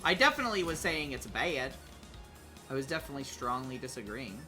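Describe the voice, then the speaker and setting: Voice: medium pitch, big pitch swings, fairly quick, music in the background. A streamer chatting casually while playing a game, hesitant with many fillers and restarts, sometimes humming tunes. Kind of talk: casual gaming stream chat.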